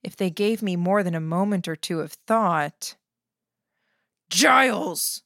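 A woman reading a first-person novel aloud in a steady, measured way. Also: lowish voice, no echo, studio quality. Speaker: audiobook narrator.

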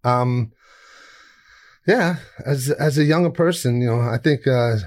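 A man's voice: medium pitch, unhurried, darkish tone. A man, a chef guest telling stories in a casual, rambling interview, laughing often and restarting sentences. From New York.

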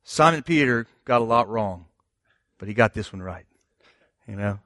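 A man's voice: lowish voice, expressive, normal speed, a bit bright, no room sound, studio quality. Man preaching a conversational sermon. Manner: conversational and emphatic, with rhetorical questions. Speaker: pastor.

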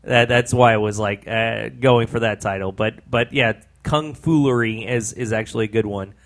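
A man's voice: mid-range voice, steady tone, moderate pace. A man co-hosting a podcast, chatting casually and rambling about a movie, laughing often. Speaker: podcast co-host. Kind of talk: casual movie-review chat.

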